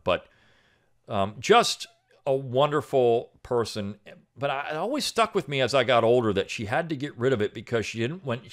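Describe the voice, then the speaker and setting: Middle-aged male host, slightly low voice, earnest and halting, reads an essay and then chats about it. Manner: earnest, halting with frequent fillers and restarts. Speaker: podcast host. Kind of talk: reading an essay aloud, then casual commentary.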